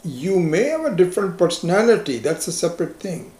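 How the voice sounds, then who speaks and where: A man giving a slow, reflective spiritual lecture as a teacher, stressing key words with rising emphasis. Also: high voice, sing-song, a little mellow. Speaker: Vedanta teacher. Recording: echoey lecture room.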